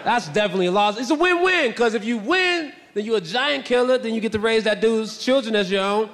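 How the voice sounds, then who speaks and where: A young man doing a stand-up set, swinging between shouty punchlines and low, muttered asides. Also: lively intonation, a little fast, a little hiss or hum. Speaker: stand-up comedian. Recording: live club recording with long reverb.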